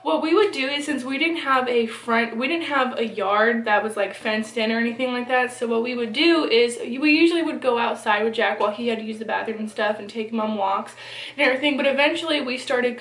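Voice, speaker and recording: Young woman, casual storytime vlog, high voice, animated and profane, echoey room. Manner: animated, swears a lot, frequent fillers. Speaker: vlogger. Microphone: camera on a phone or small camera.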